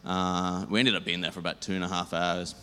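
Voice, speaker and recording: A man tells a church testimony in a deep, low voice, rambling as he acts out both sides of the conversation. His voice rings in a reverberant hall with a faint noise floor. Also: fairly quick. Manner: rambling, animated, acts out dialogue. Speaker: church member sharing a testimony. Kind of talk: storytelling testimony.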